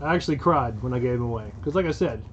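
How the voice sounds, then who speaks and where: A man's voice: mid-range voice, rapid-fire, highs cut off, a little hiss or hum. A man with a Kentucky accent, co-hosting a podcast, telling a long story casually with plenty of swearing and laughter. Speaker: podcast co-host.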